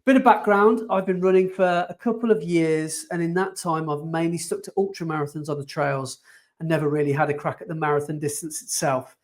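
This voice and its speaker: A man's voice: a little high, steady tone, fairly quick. A man co-hosting a running podcast, chatting casually and animatedly and laughing often. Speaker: podcast co-host. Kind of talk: casual chat.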